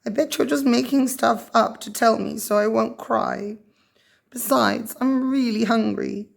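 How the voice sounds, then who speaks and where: A woman's voice: a little high, steady tone, unhurried, vocal fry, pitched above the performer's own voice, heavily acted. A woman doing a frightened little boy. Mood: pleading. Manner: anxious, whiny questioning. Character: small scared little boy.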